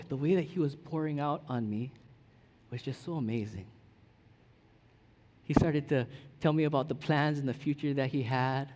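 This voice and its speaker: A man's voice: fairly high pitch, a little mellow. A male pastor preaching a conversational sermon full of restarts and friendly check-ins, recorded in a church hall. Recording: long hall reverb.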